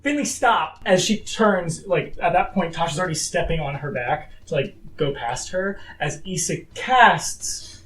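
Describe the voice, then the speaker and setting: A man narrating a tabletop game as game master, dramatic, with many fillers and slowed phrasing for emphasis. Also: on the high side, a bit bright, slight background noise, rough recording.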